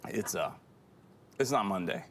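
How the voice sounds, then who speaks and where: Animated man telling a long joke. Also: measured pace, slight background noise. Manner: animated storyteller, jumps into high squeaky voices for characters. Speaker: co-host. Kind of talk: casual joke-telling chat.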